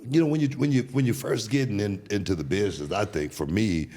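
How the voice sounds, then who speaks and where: A middle-aged man from Texas, a podcast guest, telling stories animatedly with restarts and loud laughs. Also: on the low side, quick pace. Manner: animated, repeats words and restarts, laughs loudly. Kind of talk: casual storytelling.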